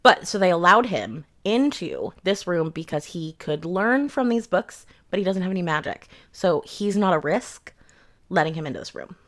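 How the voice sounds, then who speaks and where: A woman's voice: on the low side, big pitch swings, moderate pace, fairly bright tone. A young adult woman giving a rambling, sarcastic book review in a casual rant, swearing freely.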